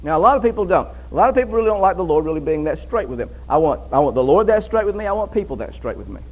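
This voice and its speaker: Male preacher, high voice, emphatic sermon delivery with repeated phrases. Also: big pitch swings, very fast, low-quality recording. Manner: emphatic, repeats phrases, reads scripture aloud.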